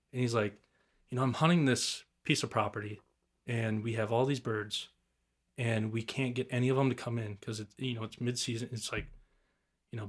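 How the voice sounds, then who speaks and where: A young man with a mid-range, slightly bright voice guests on a podcast, casually recounting turkey hunting stories. He rambles in a laid-back way, swears, and imitates the calls.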